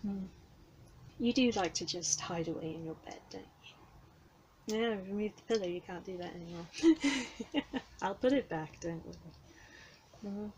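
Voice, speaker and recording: A young woman who keeps a cattery, chatting softly to the cats in a gentle, cooing way and often dropping to a whisper. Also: on the low side, normal speed, long pauses, slight background noise, low-quality recording. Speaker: cattery keeper. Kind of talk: soft chat to cats. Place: indoor cattery. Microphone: handheld camera. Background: faint purring and cattery ambience.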